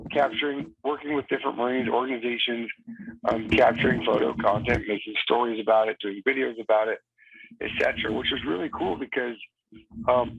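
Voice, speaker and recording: Gravelly man on a tinny phone line. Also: medium pitch, a little hiss or hum. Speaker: guest, Marine veteran. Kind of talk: phone-in interview. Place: cabin in Virginia.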